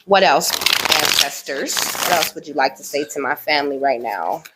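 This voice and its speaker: A woman with a fairly low voice reads oracle cards to camera at a moderate pace, relaxed and chatty, with heavy background noise. Affectionate and speaking straight to her viewers, she keeps reassuring them and closes nearly every sentence with a questioning "okay?".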